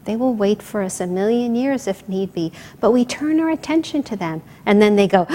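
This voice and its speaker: Woman speaker, sermon-style talk, lively storyteller who asks "right?" and drops to a whisper for quotes. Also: mid-range voice, moderate pace, few pauses. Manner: animated storyteller, laughs often, asks "right?"; drops to a soft whisper for sayings of saints. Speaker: speaker giving a spiritual talk.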